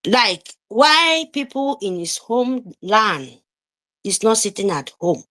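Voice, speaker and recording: A woman's voice: mid-range voice, very animated, takes it slowly, a bit bright. A woman gives an impassioned political speech, scolding listeners with repeated pointed questions. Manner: heated, scolding, repetitive questions. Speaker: participant in an online audio room.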